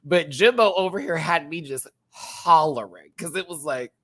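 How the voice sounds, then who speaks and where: A man hosting a casual reaction show, campy and chatty, swinging from loud exclamations to quiet asides and laughing often. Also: a little high, expressive, moderate pace. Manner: campy and chatty, repeats words for emphasis.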